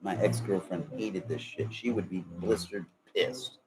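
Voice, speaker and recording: A man's voice: low-pitched, unhurried, background noise. A man rambling casually in a vlog, joking and laughing often as he talks. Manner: laughs a lot, drawling, joking. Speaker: vlogger.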